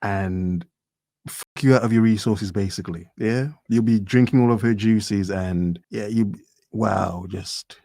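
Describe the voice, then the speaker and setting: A man's voice: lowish voice, measured pace, dark tone, no room sound, studio quality. A man hosting a reaction video, rambling and mocking, keeps insisting he is only joking. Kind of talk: casual commentary.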